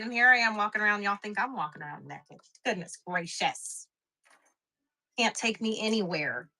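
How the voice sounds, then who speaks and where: This young woman's voice is on the high side, pushed and bright. She sells quilting supplies on a live stream, chatting casually, making fun of herself, and laughing often.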